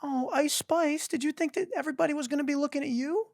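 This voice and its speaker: A man putting on a high, sneering voice to mock an imagined rival with smug, sing-song taunts. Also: fairly even intonation, quick pace, gravelly, dry recording, studio quality.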